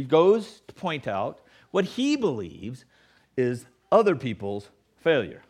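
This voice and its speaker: Pastor, male, preaching with an animated, lively voice and mocking asides. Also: mid-range voice, slow pace. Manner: animated, acts out quoted voices with sarcasm. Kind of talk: sermon.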